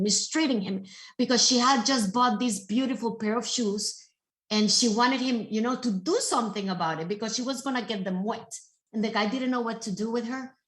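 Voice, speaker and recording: Storytelling woman speaker in an echoey room. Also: medium pitch. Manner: storytelling, animated and emphatic. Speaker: guest speaker. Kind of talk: motivational talk.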